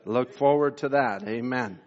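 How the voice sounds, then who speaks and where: A man preaching a sermon, pausing often with fillers and reading scripture in old-style wording. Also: medium pitch, sing-song, gravelly, a little mellow, lo-fi sound. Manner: slow, halting delivery with many fillers, reads scripture in King James wording. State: briefly emotional. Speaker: pastor.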